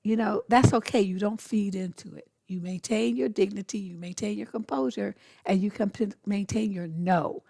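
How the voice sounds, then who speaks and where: A middle-aged woman talks straight to the listener as a dating coach, blunt and sassy. Her voice has a gravelly edge at the bottom. The sound is dry, as if the mic sits close in a small, dead room. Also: mid-range voice, steady tone, mellow, no echo. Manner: blunt, sassy, acts out quick dialogues. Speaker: relationship coach. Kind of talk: casual advice monologue.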